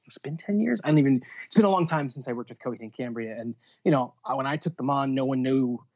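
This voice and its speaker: A man's voice: medium pitch, quick pace, a little mellow. A man telling stories from his music industry career in a casual interview, rambling with many fillers and restarts. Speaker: music booking agent guest. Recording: dull lo-fi sound.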